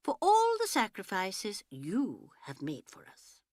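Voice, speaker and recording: A woman's voice: mid-range voice, wildly swooping pitch, takes it slowly, a little mellow, no echo, voice pushed up. A woman voicing a cool, sardonic eighteen-year-old daughter who speaks in a dry, composed way.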